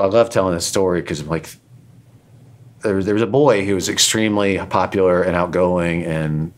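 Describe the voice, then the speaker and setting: Low-voiced man telling earnest stories. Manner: earnest, self-deprecating, rambling with restarts. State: emotional, choked up in places. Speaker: interview guest, author and radio host. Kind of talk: candid personal storytelling.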